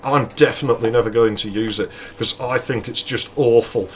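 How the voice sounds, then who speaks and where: A man putting on the voice of a whiny, indignant young girl neighbour, shrill and complaining. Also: fairly even intonation, a little fast, a little hiss or hum, lightly acted.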